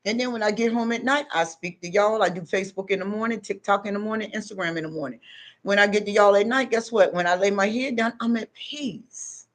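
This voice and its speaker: A woman's voice: medium pitch, fast talker. A middle-aged woman, a spiritual self-help vlogger, giving an emphatic, unscripted motivational talk straight to her viewers. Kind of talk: unscripted motivational monologue to followers.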